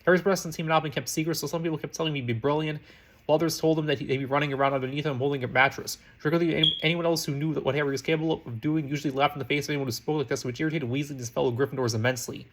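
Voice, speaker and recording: A man narrating a fan fiction story aloud, hurrying through the text and often stumbling and restarting words. His voice sits a bit high for a man, and the pace is very quick. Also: fairly even intonation, fairly bright tone, a little hiss or hum. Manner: rushed, frequent slips and restarts. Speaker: reader.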